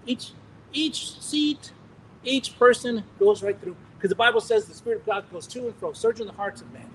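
A man preaching, telling a testimony in an animated, rambling way with laughs and restarts. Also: very high voice, normal speed, a little hiss or hum, low-quality recording. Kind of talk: sermon testimony storytelling.

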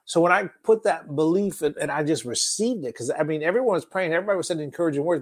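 A man preaches a sermon, sharing a testimony in lively storytelling that swings between loud and soft. His voice sits on the high side and he speaks briskly.

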